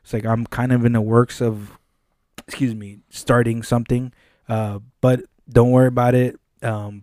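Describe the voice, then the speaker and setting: A man with a mellow, warm voice tells a long story in a relaxed podcast chat. He swears freely and acts out what other people said. The sound is dry and close. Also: medium pitch, no echo. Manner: animated, swears often, acts out quoted dialogue. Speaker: podcast co-host. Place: podcast studio.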